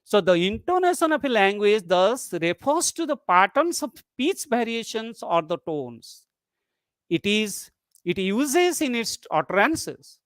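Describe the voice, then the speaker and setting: A lecturer delivering an academic webinar, walking through each idea slowly and restating it in new words. The voice sits at a middling pitch and is recorded dry and close, with no room sound. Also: very animated, dry recording. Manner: explanatory, repeats and rephrases points, occasional restarts.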